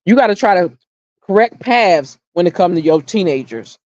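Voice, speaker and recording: A woman's voice: on the low side, animated, moderate pace, a little mellow, dry recording, lo-fi sound. Blunt, foul-mouthed middle-aged woman. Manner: blunt, opinionated, swears freely; storytelling, emphatic repetition. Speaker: livestream host. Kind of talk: casual livestream chat.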